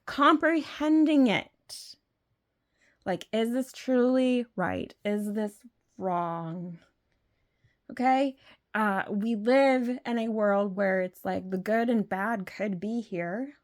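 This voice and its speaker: A woman's voice: medium pitch, slow, a little mellow. A woman hosting her own video, talking through her opinions in a rambling way with many fillers and restarts. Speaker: video host. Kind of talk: unscripted opinion monologue.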